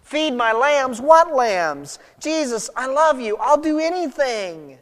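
A man's voice: extremely high pitch, very animated, slow, a bit bright, long reverb tail, voice pushed up, heavily acted. A man acting out an anguished male fisherman who pleads in a strained, raised voice. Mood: pleading.

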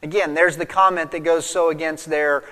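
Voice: medium pitch, fairly even intonation, normal speed. Preacher teaching in a reverberant hall. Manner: emphatic teaching, swinging between loud stresses and quiet drops. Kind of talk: expository sermon. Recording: long reverb of a large hall.

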